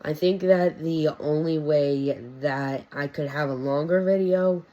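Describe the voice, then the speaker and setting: A man's voice: fairly high pitch, steady tone, a little slow, mellow, muffled recording. A man casually explaining Bible stories in a video, slangy and stumbling, correcting himself as he goes. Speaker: video creator teaching the Bible.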